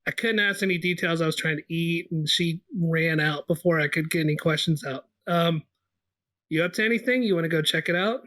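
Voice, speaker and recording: A young man playing his character in a tabletop game, eager and quick to giggle. His voice sits higher than most men's. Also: pushed and bright. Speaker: podcast regular, player. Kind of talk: casual podcast game play.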